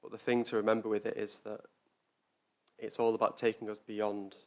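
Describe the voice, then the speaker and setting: A man's voice: lowish voice, monotone, normal speed. A man giving a Dharma talk as a Buddhist teacher, speaking reflectively and often repeating words as he searches for them.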